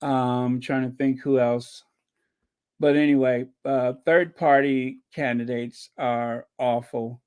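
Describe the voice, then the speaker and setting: A man's voice: medium pitch, fairly even intonation, slow pace, a little mellow, clear, resonant tone. A man hosting a casual commentary stream, chatting loosely with many fillers and restarts. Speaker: channel host. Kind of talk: casual commentary to a live chat.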